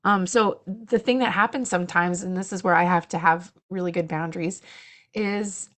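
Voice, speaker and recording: A woman doula as a podcast guest, animated and acting out dialogue as she tells stories. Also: fairly low pitch, normal speed. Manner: animated storyteller, acts out dialogue. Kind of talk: casual podcast interview.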